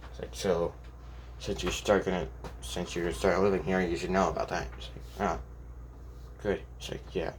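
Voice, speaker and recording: A young man with a low, deep voice tells a fan-made story off the cuff. He rambles, backtracks and keeps quoting the characters' lines in his own everyday voice. Faint ambient noise sits behind him. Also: little pitch movement, moderate pace. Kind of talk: improvised fan story narration.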